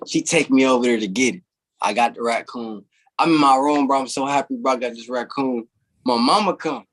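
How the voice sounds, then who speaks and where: Guest, male, fairly high voice, loose animated storyteller, slangy, says "bro" a lot. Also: normal speed. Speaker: interview guest. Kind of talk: casual storytelling.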